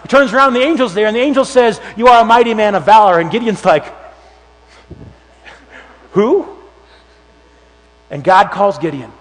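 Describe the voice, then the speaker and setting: A high-pitched male preacher gives a lively sermon, telling the story with plenty of acted-out voices and sudden bursts of volume. His voice rings through a large hall with a long, lingering reverb. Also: fast talker, few pauses. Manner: animated storytelling, acts out voices with shouts and whispers. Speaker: youth pastor.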